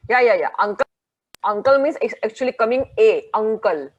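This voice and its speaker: A woman student in an online class, quickly agreeing and repeating the point back to confirm it. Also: fairly high pitch, lively intonation. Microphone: video call. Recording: muffled call audio, off-mic at times.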